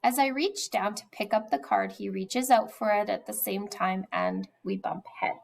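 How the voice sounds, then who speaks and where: The reader is a woman speaking at normal speed in a mid-range voice with vocal fry, on a low-quality recording. She narrates the children's novel with lots of expression, occasionally dropping into a whisper.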